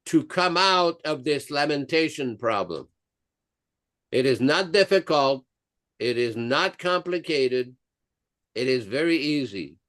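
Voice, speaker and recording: A man in his seventies speaks as a guest in a devotional class. He tells a story plainly, in short, emphatic sentences, at a medium pitch.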